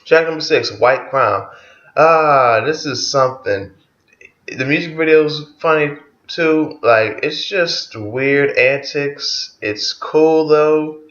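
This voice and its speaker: A man's voice: fairly high pitch, slow pace, fairly bright tone, echoey room, highs cut off. A man giving a casual spoken album review, loose and profane as he retells songs track by track.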